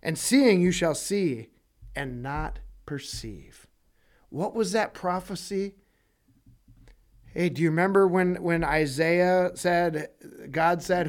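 Guy teaching bible study, kinda high voice, animated, chatty asides, acts out the quotes. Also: slow. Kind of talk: casual bible study sermon.

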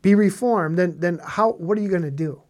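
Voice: mid-range voice, moderate pace, darkish tone. Emphatic preacher with rhetorical questions. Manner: emphatic, repeats phrases for stress; rhetorical questions, conversational asides. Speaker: Bible teacher. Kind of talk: preaching on scripture.

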